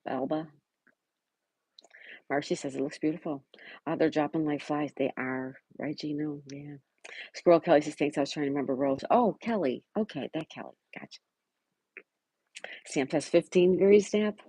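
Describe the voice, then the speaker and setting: A woman with a low, husky voice hosts a relaxed livestream, reading out viewers' comments and greeting them one by one. The sound is dry and close, with no room echo. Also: moderate pace, pauses often. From Buffalo, New York. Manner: greets viewers by name and chats back warmly. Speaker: livestream host. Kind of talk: casual live chat, reading viewer comments aloud.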